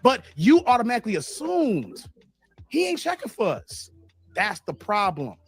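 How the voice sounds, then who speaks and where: Husky, lively man lecturing. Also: high-pitched, moderate pace, faint music behind. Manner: lecturing, emphatic. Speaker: panelist. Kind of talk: heated debate.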